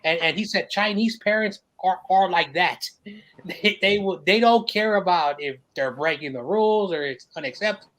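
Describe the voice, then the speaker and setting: A man hosting a casual chat, telling stories in an animated, profane way and laughing often. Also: sits high, moderate pace, rough recording. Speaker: podcast host.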